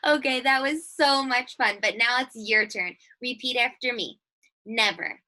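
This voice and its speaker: Cheerful high-voiced teacher. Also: female voice, normal speed, pushed and bright. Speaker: host, teacher. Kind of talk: kids' show interview.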